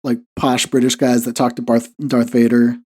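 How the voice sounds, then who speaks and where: A man hosts a podcast in relaxed, rambling conversation, leaning on "like" fillers and breaking into short chuckles. His voice is mellow and warm, sitting at an ordinary middle pitch for a man. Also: a little fast. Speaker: podcast host. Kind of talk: casual podcast chat.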